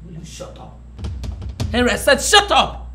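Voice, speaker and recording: An actress playing a fierce royal mother who scolds and shouts to protect her son. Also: high-pitched, wildly swooping pitch, normal speed, reverberant, far from the mic, a little hiss or hum. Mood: furious.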